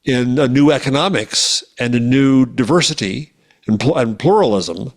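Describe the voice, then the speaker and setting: A man's voice: mid-range voice, moderate pace. A man cohosting a podcast, chatting eagerly about books and stumbling over restarts. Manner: enthusiastic, restarts often. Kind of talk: casual chat.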